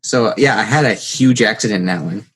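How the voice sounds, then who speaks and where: A man's voice: fairly low pitch, fairly quick, husky. A man hosting a podcast, telling a story in casual chat and acting out the quotes. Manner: animated storyteller, acts out quotes. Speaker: podcast host.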